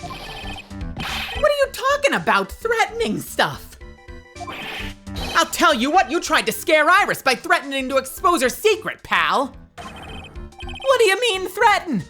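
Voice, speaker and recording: A woman voicing a goofy, lovesick young man who is excitable and whiny, in a dramatic reading of a game. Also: very high-pitched, slow, long pauses, soft background music, pitched above the performer's own voice, exaggerated voice. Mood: indignant.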